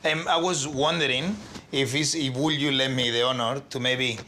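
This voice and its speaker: A man presenting a lifestyle TV cooking segment, playful, chatty and excitable as he talks through the food. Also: medium pitch, moderate pace, a little hiss or hum. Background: background music.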